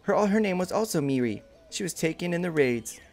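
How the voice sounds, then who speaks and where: A man voicing a calm, gentle female lizard gatherer in a game. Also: a little high, a little fast, faint music behind.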